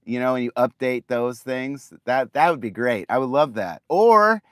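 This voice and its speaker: Middle-aged male vlogger, smooth tone, dry close mic, loose rambling rant full of restarts. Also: mid-range voice, normal speed, dry recording. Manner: rambling, repeats words, says "right?" often. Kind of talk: casual ranting monologue.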